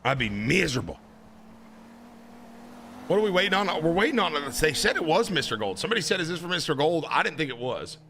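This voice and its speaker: A man's voice: fairly high pitch, fast talker, pauses often, a little hiss or hum. A young man, a brash, chatty streamer playing a marshal in a live roleplay. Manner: animated, brash, chatty with viewers.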